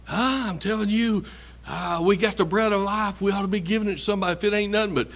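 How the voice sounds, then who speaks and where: A man's voice: high voice, fast talker, vocal fry, fairly bright tone. A man preaching a sermon in a church, folksy and emphatic, repeating his phrases. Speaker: pastor.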